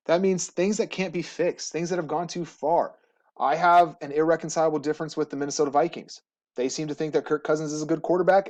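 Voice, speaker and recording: A man teaching history, giving a relaxed, joking slideshow lecture to students. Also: fairly high pitch. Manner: casual, jokey, asks students questions. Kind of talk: recorded classroom lecture over slides.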